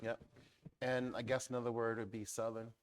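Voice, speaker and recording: Animated man riffing in a public talk. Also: mid-range voice, moderate pace, slight background noise. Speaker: guest author. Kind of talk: public conversation on stage.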